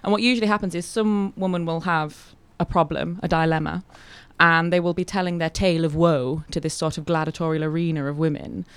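A woman comedian, from Hull, telling animated anecdotes in casual radio chat. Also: deep voice, fairly quick, hardly any pauses, clear, resonant tone, no echo. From Hull, England. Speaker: comedian guest.

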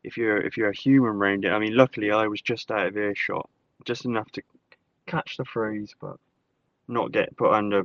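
Low-voiced rambling man. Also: dry recording, lo-fi sound. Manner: rambling, mock-serious warnings. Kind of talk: improvised comic chat.

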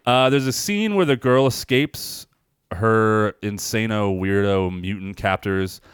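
A man's voice: fairly low pitch, measured pace, smooth, no room sound, studio quality. A man co-hosting a film podcast in casual chat, rambling, swearing freely and animatedly retelling scenes. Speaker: podcast co-host reviewing films.

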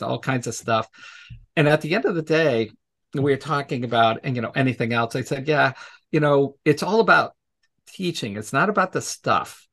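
Gravelly man telling classroom anecdotes. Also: mid-range voice, fairly bright tone. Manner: acts out quoted voices in anecdotes, laughs often. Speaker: podcast guest, educator. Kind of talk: casual interview storytelling.

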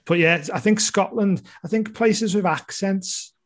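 Scouse male guest, conversational, slightly higher register, rambling anecdotes. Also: a little slow. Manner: chatty, rambling, loose impressions of others. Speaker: comedian guest. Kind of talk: casual chat.

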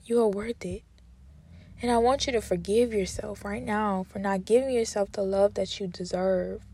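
A woman giving an emotional Christian faith talk, repeating affirmations slowly and tenderly, sometimes dropping to a whisper, near tears. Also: medium pitch, fairly even intonation, creaky, warm tone, breathy edge. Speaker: Christian encourager speaking to viewers.

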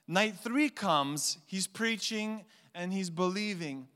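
Animated pastor in a reverberant hall. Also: male voice, high-pitched, takes it slowly. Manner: animated storyteller acting out voices. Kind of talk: sermon with storytelling.

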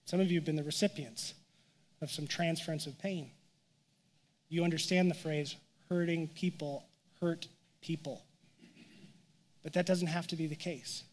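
A man's voice: on the high side, steady tone, normal speed, pauses often, in a large hall. A man pastor giving a sermon in a conversational, emphatic way.

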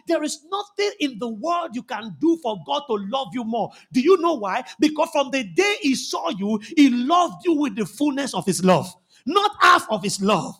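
A Nigerian-accented male pastor with a strikingly high voice delivers a fervent sermon. He shouts his key lines and repeats phrases for emphasis. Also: lively intonation, normal speed.

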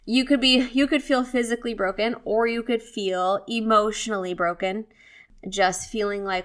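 A woman's voice: a little high, moderate pace, fairly bright tone. Woman, 30s, solo podcast host and wellness coach. Candid, chatty delivery with frequent laughs. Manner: chatty and candid, laughs often, acts out inner voices.

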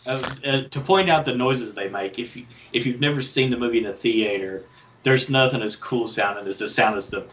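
A man's voice: medium pitch, brisk, fairly bright tone, slight background noise. Southern-accented man, rambling chat, lo-fi mic. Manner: rambling, searches for words. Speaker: podcast guest. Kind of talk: casual movie chat.

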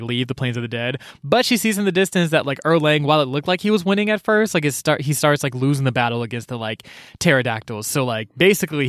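A man's voice: medium pitch, fairly bright tone, no echo, studio quality. A man on a casual podcast, retelling a story in a loose, laid-back way, with lots of "like" and casual swearing. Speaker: podcast co-host. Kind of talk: casual chat.

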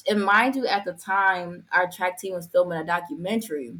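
A woman guest in casual chat, telling a story with quick exclamations. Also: lowish voice, sharp tone. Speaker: guest, card game creator.

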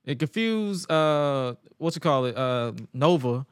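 A man co-hosting a podcast and recapping wrestling in a casual, animated way. He stammers and acts out quotes. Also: on the high side, slow, clean tone, no echo, studio quality. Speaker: podcast co-host.

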